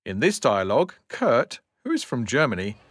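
A man's voice: mid-range voice, sing-song, normal speed, a little hiss or hum. Man narrating an English lesson.

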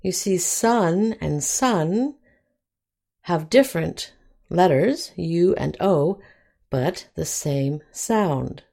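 Very slow, low-voiced woman teaching. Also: lively intonation, mellow. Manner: drawn-out, clearly enunciated example words. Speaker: English teacher. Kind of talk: slow phonics lesson.

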